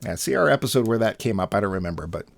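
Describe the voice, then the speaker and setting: Animated man co-hosting a podcast. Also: fairly low pitch, racing, vocal fry, dry recording. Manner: jokey, reads listener quotes aloud. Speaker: podcast co-host. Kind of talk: casual podcast chat.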